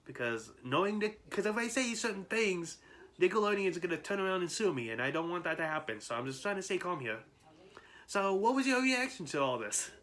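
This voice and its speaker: A man's voice: high-pitched, sing-song, fairly quick, a bit bright. A man in his twenties ranting to his viewers in a vlog, trying to hold back his anger as he rambles with many restarts. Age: 20s. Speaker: YouTuber.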